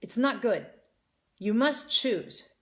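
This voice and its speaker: A woman's voice: fairly high pitch, animated, slow. A stern, blunt female music teacher who gives curt orders, voiced by a woman telling a story. She sounds commanding and leaves no room for argument.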